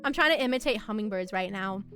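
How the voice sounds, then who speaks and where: A woman's voice: mid-range voice, animated, fast talker, bright, forceful tone. A young woman streaming, chatting casually and giggling as she reads and answers her chat. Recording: faint music behind.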